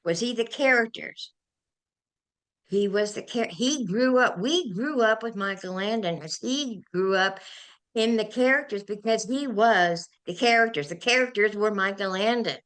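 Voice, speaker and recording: An older woman, a guest on a talk show, telling animated and emotional stories. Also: medium pitch, moderate pace. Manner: animated, emotional storyteller who gets carried away. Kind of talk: anecdotal storytelling in a chat.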